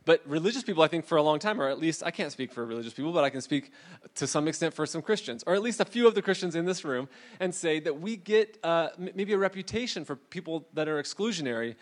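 Chatty pastor with a slightly high voice. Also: male voice, fast talker. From California. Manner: relaxed, chatty, many "like"s and asides. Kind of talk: casual conversational sermon. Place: room with a live congregation.

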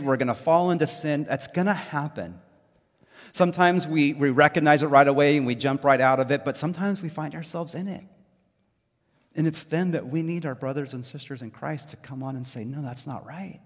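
A man preaching a sermon as pastor, talking in a loose, conversational way with lots of fillers and lively storytelling. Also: on the high side, in a large hall.

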